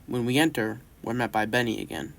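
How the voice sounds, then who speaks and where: A man's voice: mid-range voice, a little fast, creaky, fairly bright tone, a little hiss or hum. A man giving casual, enthusiastic commentary as a gaming YouTuber walking through a horror game.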